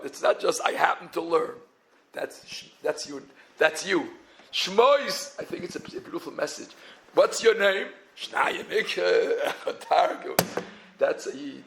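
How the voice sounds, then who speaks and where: A rabbi gives a Torah talk in a gravelly, slightly high voice. He mixes Hebrew and terms into his English and breaks into little chanted tunes. Faint noise hums behind him. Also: a bit bright, low-quality recording.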